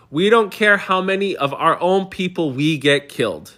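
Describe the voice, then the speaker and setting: A man talks casually on a livestream, reading and answering viewer comments. He argues heatedly and often restarts his sentences. His voice sits fairly high for a man. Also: animated, moderate pace, few pauses, sharp tone. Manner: heated, argumentative, stumbling restarts. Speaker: livestream host.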